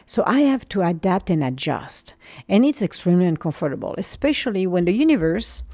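A low-pitched woman in her forties delivers an inspirational spiritual monologue, her voice carrying a gravelly fry. She sounds earnest and encouraging and sometimes drops into a soft whisper. The recording is close and dry, with no room sound. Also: big pitch swings, a little fast, no room sound. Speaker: spiritual motivational speaker.

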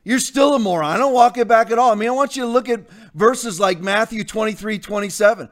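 A pastor with a high, fast voice delivers a combative sermon, ranting bluntly and defiantly while repeating his points for emphasis.

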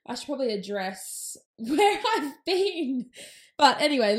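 A woman's voice: on the high side, very animated, unhurried. Young Australian woman podcaster, temporary lisp, chatty and self-deprecating, loose rambling delivery. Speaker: podcast host. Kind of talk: casual solo podcast ramble.

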